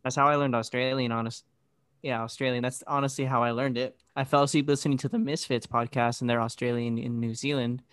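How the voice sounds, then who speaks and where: A man's voice: mid-range voice, level tone, quick pace, a bit bright, smooth, no echo, studio quality, natural voice. A man putting on a Cockney accent to play a cheeky, swaggering young British man who swears casually. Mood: cocky. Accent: Cockney put-on. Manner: swaggering, profane.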